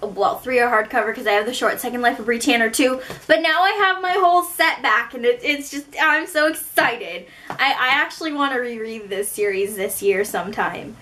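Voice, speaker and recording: A woman's voice: a little high, lively intonation, normal speed, sharp tone. A woman from Canada with a Canadian accent, chatting through a book haul in a rambling, self-mocking way. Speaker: book vlogger. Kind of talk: casual book haul chat.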